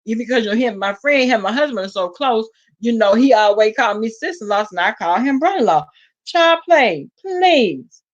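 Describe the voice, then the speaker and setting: Talking fast, this vlogger spins an animated bit of gossip in her Southern US accent, her voice jumping sharply whenever she acts out what people said. The audio sounds muffled.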